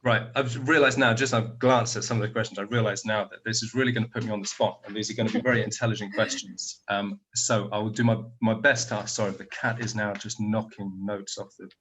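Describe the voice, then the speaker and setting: Low-voiced man explaining from home. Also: fairly even intonation, fairly quick, few pauses, fairly bright tone, a little hiss or hum. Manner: thoughtful, explanatory. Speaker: plenary conference speaker. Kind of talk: answering audience questions. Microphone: video call.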